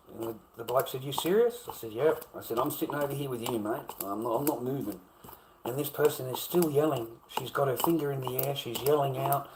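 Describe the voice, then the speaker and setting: Against a noisy background, an Australian man with a medium-pitched voice rants about a workplace grievance in a ranting monologue. He is blunt and repetitive and swears heavily.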